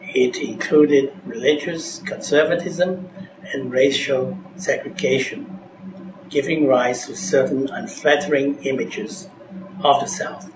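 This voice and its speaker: A man narrating a scripted vocabulary lesson as a teacher, reading in a measured, deliberate way. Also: mid-range voice, steady tone. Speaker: English teacher. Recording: echoey room with background noise.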